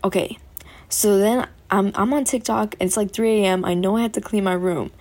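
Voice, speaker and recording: A woman's voice: mid-range voice, steady tone, normal speed, a little mellow. A young woman vlogging at home in a rambling, chatty way, often laughing as she talks. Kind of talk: casual chat to camera. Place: bedroom at home.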